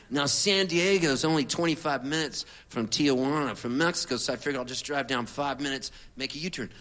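Animated, bright-voiced male storyteller. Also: medium pitch, brisk, hardly any pauses. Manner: animated, rambling, conversational. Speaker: singer-songwriter telling a story. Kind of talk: comic storytelling to an audience.

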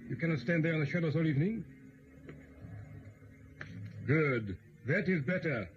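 In a 1940s radio drama, a man plays a self-important police inspector, commanding, impatient and somewhat pompous, with a brisk mood. His voice is on the high side, animated and lightly acted, at normal speed. The recording is a dull old radio broadcast with faint hiss.

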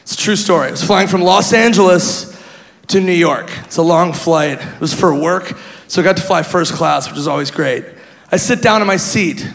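A man doing stand-up, telling a story with animated laughter and sudden shouted bits. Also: high-pitched, normal speed, creaky. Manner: animated, laughing, bursts into loud shouted impressions. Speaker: stand-up comedian. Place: comedy club stage. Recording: reverberant hall with faint crowd and noise.

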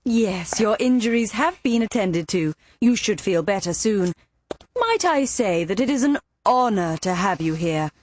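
A woman's voice: medium pitch, expressive, measured pace, a little mellow, slight background noise, lightly acted. An actress playing a fawning, fussy female royal minister, obsequious and formal.

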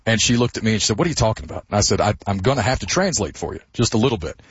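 A Southern man with roots in the Blue Ridge Mountains, guest co-hosting a radio show. He talks fast and eagerly, with a low, husky voice. The sound is dry and slightly dull. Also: very animated, no room sound. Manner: quick, eager storyteller. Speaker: guest co-host. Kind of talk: casual radio chat.

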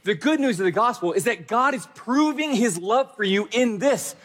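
A man's voice: sits high, lively intonation, moderate pace, fairly bright tone. A male pastor preaching a sermon, speaking emphatically and repeating phrases for stress.

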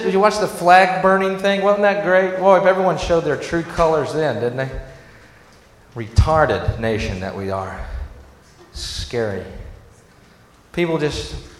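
A man doing a stand-up rant, sarcastic and dry, who breaks out into shouting. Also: high-pitched. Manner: sarcastic ranting that bursts into shouting. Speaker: stand-up comedian. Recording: echoey hall with faint noise.

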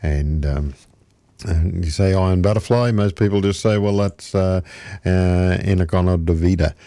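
Low mellow radio guy, dry close studio sound, rambles along easy. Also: dry recording. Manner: unhurried and meandering. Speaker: radio host. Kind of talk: casual radio chat.

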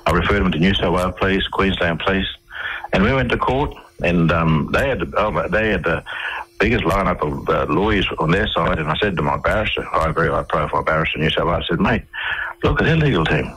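A man's voice: deep voice, animated, fast, a bit bright, husky, low-quality recording. An Australian man talking as a radio interview guest, telling his stories in a rambling way with many fillers and restarts. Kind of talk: conversational storytelling.

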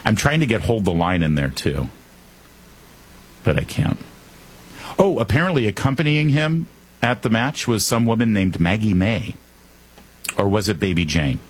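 Male talk radio host, sarcastic monologue, lower voice that swings widely. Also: big pitch swings, moderate pace, pauses often, husky. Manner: sarcastic, joking, wry asides.

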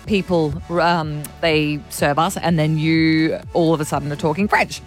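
A woman's voice: sits low, fairly even intonation, unhurried, soft background music. A woman with an Australian accent, co-hosting a radio show and chatting casually with plenty of fillers. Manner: chatty, giggly, lots of fillers. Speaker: radio host. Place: radio studio.

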